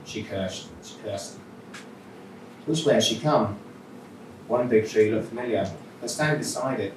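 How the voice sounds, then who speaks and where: A man with a Welsh accent reading his own short story aloud at a live literature event, with wry conversational asides. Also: on the low side. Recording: echoey hall, mic from far off, noisy.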